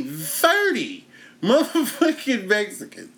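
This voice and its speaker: Profane man, lively storytelling. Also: high-pitched, measured pace. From Texas. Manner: profane, animated storytelling, breaks into laughter. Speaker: comedian host. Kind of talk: profane stand-up monologue.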